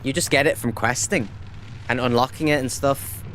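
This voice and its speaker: A man's voice: medium pitch, normal speed, fairly bright tone, slight background noise. Chatty Irish man streaming a game. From Ireland. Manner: chatty, reads out chat and answers viewers, upbeat. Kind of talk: casual live-stream chat while gaming.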